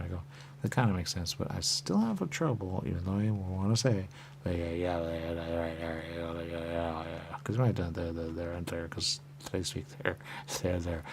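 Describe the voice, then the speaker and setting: This man's voice sits low, creaky and a little mellow, with slight background noise behind it. As a radio talk host, he wanders through a rambling stream-of-consciousness monologue, repeating "there you go" and occasionally dropping into a whisper.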